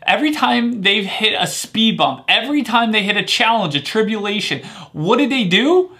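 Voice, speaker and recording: A man in his thirties, a life coach giving a motivational talk to camera, energetic and checking in with "right?" often. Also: sits high, moderate pace. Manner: energetic, punctuates points with "right?".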